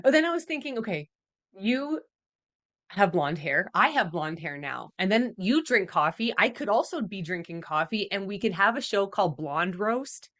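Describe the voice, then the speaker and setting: A woman hosting a podcast in casual chat, playful and quick to riff on ideas. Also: mid-range voice, expressive, a bit bright. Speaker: podcast host.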